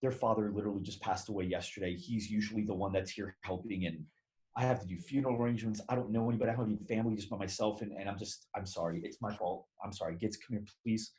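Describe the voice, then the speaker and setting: Brief: man putting on a worn-out widowed mom, soft, halting, apologetic. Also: fairly low pitch, fairly even intonation, voice pushed down, natural voice, low-quality recording. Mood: tearful apology. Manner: hushed, broken-off apologies. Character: exhausted grieving young mother, apologetic.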